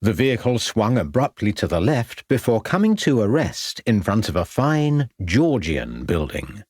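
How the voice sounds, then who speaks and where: A male audiobook narrator telling a crime story in a measured way. His voice is lowish, with lively, expressive pitch movement. The studio sound is dry and close. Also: husky, no room sound. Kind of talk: scripted narration.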